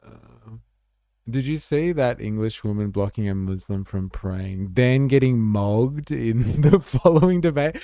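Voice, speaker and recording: A man's voice: medium pitch, animated, measured pace, dark tone, no echo, studio quality. A man hosting a livestream, reacting to chat in a laid-back, rambling way with swearing and fillers. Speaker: livestream host.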